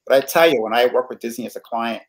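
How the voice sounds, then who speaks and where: A man's voice: medium pitch, fast talker. A man hosting an interview show, sharing his own experience with enthusiasm and tagging his points with "right?". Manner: enthusiastic, frequent "right?" tags. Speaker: host. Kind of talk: conversational interview.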